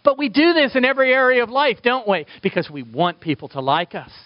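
A male pastor delivering a sermon in an animated way, swinging between emphatic peaks and soft, quiet drops, on a dull lo-fi recording. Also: extremely high pitch, fairly quick, no echo.

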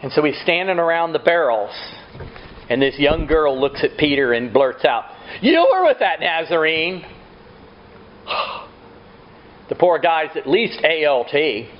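A man's voice: fairly high pitch, measured pace, highs cut off, slight background noise. A man preaching a sermon, asking rhetorical questions and acting out quotes. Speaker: pastor.

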